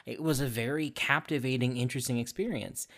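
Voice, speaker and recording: A man recording a casual message about his audio drama role. He speaks with eager energy and wanders through fillers and restarts. His voice sits at an average pitch. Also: a little fast, a bit bright. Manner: enthusiastic, rambling, many fillers.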